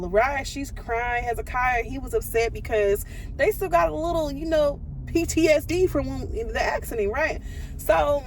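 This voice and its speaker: A woman with a fairly high voice vlogs from her car in city traffic. She rambles through her story with fillers and restarts. Steady road and engine noise runs under her phone recording. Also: rough recording. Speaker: vlogger and single mother. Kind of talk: casual storytelling vlog.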